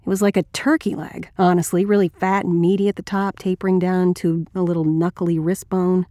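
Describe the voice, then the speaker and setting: A woman's voice: lowish voice, flat delivery, brisk, warm tone, no echo, studio quality, close to an everyday voice. A woman reading an audiobook as a blunt, wry, crude male ex-Marine narrator.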